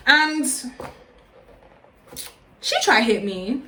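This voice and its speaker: Loud chatty woman, echoey room. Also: sits high, slow pace, pauses often. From London. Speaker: vlogger. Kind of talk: casual storytime.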